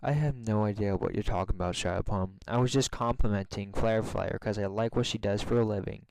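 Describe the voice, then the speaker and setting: A man reading a fan story aloud, voicing a flattering, defensive young male pony who used to be a bully. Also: lowish voice, fairly quick, creaky, no room sound, poor audio.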